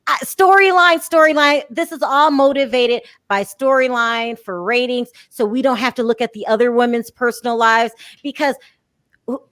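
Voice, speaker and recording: A woman's voice: fairly high pitch, no echo, clean studio sound. A woman hosting a live call-in recap show, chatting casually with strong opinions and frequent laughs. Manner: opinionated, animated, laughs often. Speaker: podcast host.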